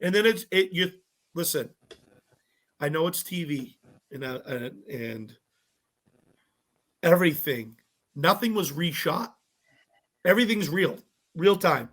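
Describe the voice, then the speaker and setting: A young man with a bright, somewhat high voice tells stories in casual chat. He is animated and keeps slipping into quick impressions of the people he talks about. He laughs easily between lines. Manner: animated, acts out quotes of others, laughs often. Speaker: podcast guest, cooking show contestant.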